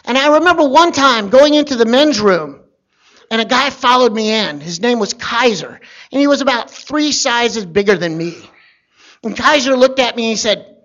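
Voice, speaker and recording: Male storyteller with a gravelly voice, dry wit and deadpan asides, on a muffled recording. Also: very high voice, moderate pace. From Virginia. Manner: wry, conversational, deadpan asides. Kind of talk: personal storytelling.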